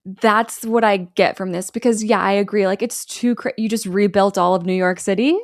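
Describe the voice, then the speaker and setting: A young woman co-hosting a casual chat, retelling a film scene by scene and quoting its characters in quick bursts. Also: medium pitch, no room sound, clean studio sound. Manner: animated storyteller, quotes characters in quick bursts. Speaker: podcast co-host recapping a film.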